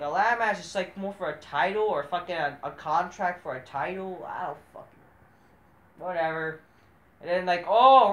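A woman with a lowish voice rants through a wrestling show review, sarcastic and mocking and swearing at every turn. She sounds like she is recording in an echoey room with a faint hum behind her. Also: a bit bright. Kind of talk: profane ranting review.

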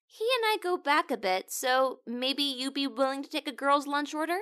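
A woman playing a caller in a comedy prank-call skit, bubbly and quick to get indignant. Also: sits high, animated, pushed and bright. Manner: bubbly, then huffy and indignant.

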